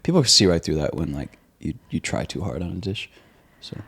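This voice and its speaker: Laid-back man with a lowish voice. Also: brisk, vocal fry, breathy edge. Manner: relaxed, laid-back, trails off with ums. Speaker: restaurant co-founder guest. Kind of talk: casual interview chat.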